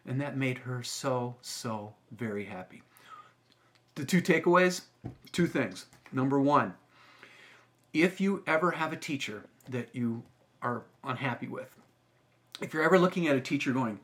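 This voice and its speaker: A man's voice: mid-range voice, expressive, a little slow, pauses often, a bit bright. Earnest middle-aged man telling a story. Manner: earnest and reflective. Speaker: teacher. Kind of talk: personal storytelling to camera.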